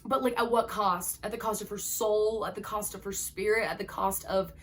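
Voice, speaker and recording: A woman's voice: medium pitch, steady tone, normal speed, slight background noise. A young woman talking casually about books she loves, gushing and dramatic, with lots of fillers. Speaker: book reviewer.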